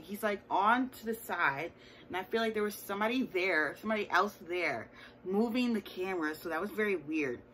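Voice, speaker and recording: A woman's voice: mid-range voice, fairly bright tone, a little hiss or hum, rough recording. A woman hosting her own channel, recapping a reality show episode in a chatty, sassy way with playful asides. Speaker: TV show reviewer. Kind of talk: casual recap chat.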